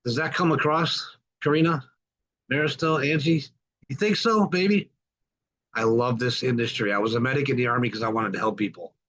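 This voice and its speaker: A man's voice: medium pitch, a little fast, a bit bright. A middle-aged man hosting a podcast on a group video call, upbeat and folksy, welcoming newcomers over and over. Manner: enthusiastic, folksy, repeats welcomes. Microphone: computer mic on a video call. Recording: dull lo-fi call audio.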